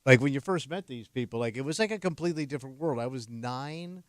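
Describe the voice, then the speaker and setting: A man's voice: medium pitch, fast, dry recording. A man from New Jersey, a radio co-host, telling stories in casual banter with blunt jokes. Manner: animated storyteller, blunt jokes. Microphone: studio microphone. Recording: dry studio sound.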